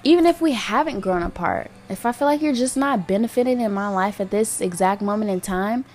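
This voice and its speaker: A woman's voice: medium pitch, fairly quick, darkish tone, a little hiss or hum. A young woman hosting her own podcast, talking candidly and rambling with lots of fillers and swearing. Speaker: podcast host. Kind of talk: casual solo podcast monologue.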